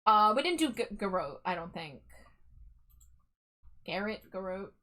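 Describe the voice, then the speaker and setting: A woman's voice: mid-range voice, big pitch swings, unhurried, sharp tone. A woman hosting a casual stream, reading out toy bios and ranting bluntly and sarcastically, with some swearing. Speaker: streamer host.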